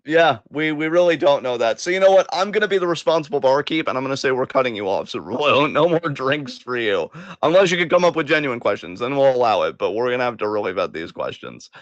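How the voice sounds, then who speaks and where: A man's voice: mid-range voice, expressive, fast talker, dry recording, muffled recording. A man hosting a casual podcast chat, joking, laughing and swearing casually. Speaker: host.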